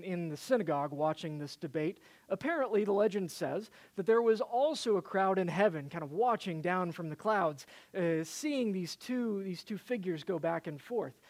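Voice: medium pitch, a little mellow. A preacher retelling an old legend during a sermon, talking hesitantly with frequent fillers and restarts. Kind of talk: sermon storytelling.

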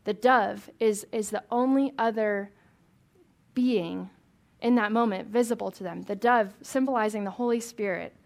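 A woman's voice: mid-range voice, normal speed, gravelly. A woman leading a Bible study for a small group, reading scripture aloud and chatting with questions to the room.

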